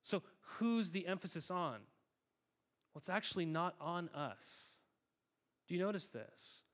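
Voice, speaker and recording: A man's voice: high-pitched, expressive, measured pace, a bit bright. A male pastor giving a sermon in a conversational, emphatic way, often repeating words.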